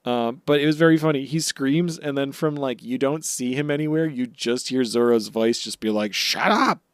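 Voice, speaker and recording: A man's voice: medium pitch, normal speed, darkish tone, clean tone, no room sound, studio quality. A man co-hosting a podcast, recapping episodes in casual chat and jokingly acting out characters' lines. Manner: jokey, acts out characters' lines mid-recap. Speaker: podcast co-host.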